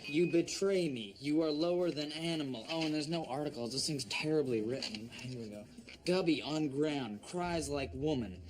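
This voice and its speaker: A man's voice: on the high side, normal speed, noisy background, close to an everyday voice. An actor playing a man who reads aloud a clumsily written script in broken English, breaking off with scornful asides. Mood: mocking. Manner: mock-dramatic, scornful asides.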